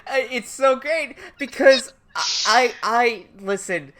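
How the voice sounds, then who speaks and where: A woman's voice: on the high side, lively intonation, takes it slowly, fairly bright tone. A woman co-hosting a casual podcast, laughing and swearing as she talks. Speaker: podcast co-host. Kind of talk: casual chat.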